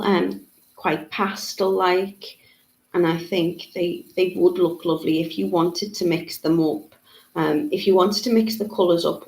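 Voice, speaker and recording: A woman, teaching a live beading tutorial in a chatty way, with frequent ums. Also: on the low side. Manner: chatty, reads out viewer comments, frequent ums. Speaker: jewellery-making tutor. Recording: echoey room.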